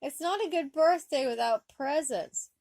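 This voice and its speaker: A woman's voice: a little slow, no room sound, studio quality. Woman doing a whiny spoiled teenage boy. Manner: whining, high and loud.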